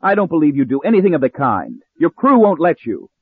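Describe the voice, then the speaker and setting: A man's voice: on the high side, sing-song, brisk, breathy edge, no echo, voice pushed up, heavily acted. A man voicing a defiant young woman who is shaken but stubborn, speaking in a clipped way, recorded with narrow phone-like sound.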